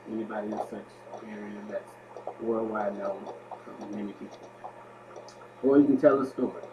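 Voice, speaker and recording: Man reading study notes over dull webcam audio. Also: mid-range voice. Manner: loud on headings, trailing off quietly at sentence ends. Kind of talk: reading study notes aloud as a video presentation. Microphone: webcam microphone.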